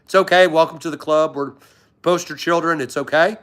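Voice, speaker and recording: A man's voice: on the high side, fairly even intonation, fairly quick, fairly bright tone. A man from Washington, D.C., hosting a casual livestream, chatting in a friendly, rambling way and greeting viewers by name. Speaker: livestream host. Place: at home in pajamas.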